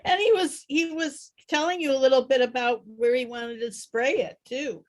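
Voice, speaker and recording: A woman's voice: high-pitched, moderate pace. A woman guest on a casual book club chat who often laughs and reacts with exclamations. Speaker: guest author. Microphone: video call.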